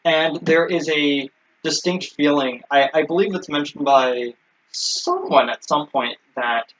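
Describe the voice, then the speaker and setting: A man with a somewhat high voice recaps an anime episode in casual chat. He rambles and restarts often, filling gaps with ums. The audio is muffled and lo-fi. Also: a little slow, fairly bright tone, a little hiss or hum. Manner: rambling, many fillers and restarts. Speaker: podcast co-host. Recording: dull lo-fi audio.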